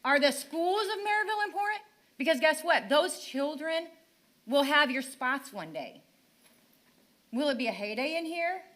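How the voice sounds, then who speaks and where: A woman's voice: high voice, lively intonation, moderate pace, a bit bright. An older woman speaking at public comment in a town council meeting, frustrated and pleading, her voice at times breaking.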